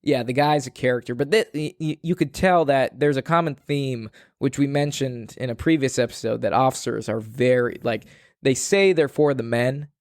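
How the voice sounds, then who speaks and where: A man's voice: mid-range voice, normal speed, a little mellow, dry recording. Rambling man in dry casual chat. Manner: rambling, filler-heavy storytelling. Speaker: podcast host.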